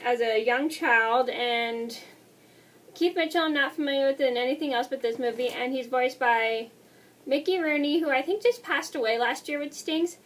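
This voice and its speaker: A woman in her twenties chatting through a casual movie review, talking fast with restarts and apologies. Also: high voice, fairly bright tone, far from the mic. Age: 20s. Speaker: vlogger.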